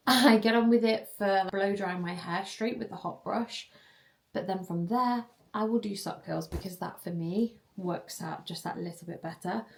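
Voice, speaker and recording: Young woman vlogging at home, chatty, giggly, gets excited fast. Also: medium pitch, echoey room. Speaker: vlogger and personal trainer. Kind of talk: casual vlog chat.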